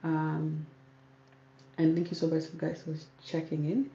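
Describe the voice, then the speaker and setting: Calm soft-spoken woman, gravelly low voice. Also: moderate pace, reverberant, lo-fi sound, a little hiss or hum. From South Sudan. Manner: calm, soft-spoken, reads out viewer comments. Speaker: YouTuber. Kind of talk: casual livestream Q&A. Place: home room with ring light. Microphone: camera on ring light.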